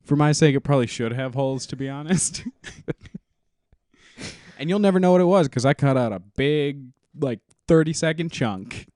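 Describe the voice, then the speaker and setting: A man's voice: a little high, lively intonation, normal speed, a little mellow, no room sound, clean studio sound. A young man co-hosting a casual podcast chat, joking and laughing often. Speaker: podcast co-host.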